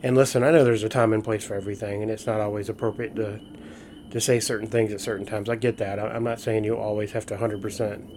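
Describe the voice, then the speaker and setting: A man's voice: fairly low pitch, little pitch movement, fast talker, noisy background. A man in casual, earnest storytelling, using folksy fillers and restarts as he reflects. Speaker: host of a reflective talk.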